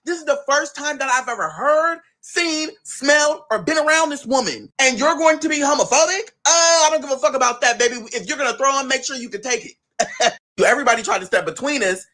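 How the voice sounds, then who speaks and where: A man telling a personal story with big pitch swings and a forceful, bright tone. He curses freely and acts out every moment. His delivery is dramatic and expressive. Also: a little fast. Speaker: storyteller, show guest.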